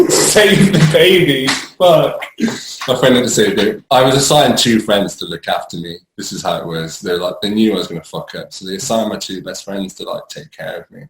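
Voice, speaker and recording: A young man with a deep, low voice talks through his own past in a candid, rambling way. He restarts sentences, fills gaps with ums, and laughs at himself. The sound rings around an echoey room. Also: fast talker, hardly any pauses, a little hiss or hum. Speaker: storyteller sharing his recovery story. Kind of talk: candid personal monologue.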